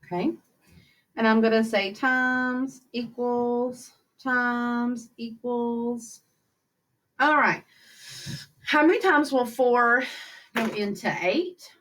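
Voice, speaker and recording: A friendly teacher records a math lesson over slides, chatting upbeat to kids as she talks through each step aloud. Her voice is a little high, bright and expressive, moving slowly with frequent pauses.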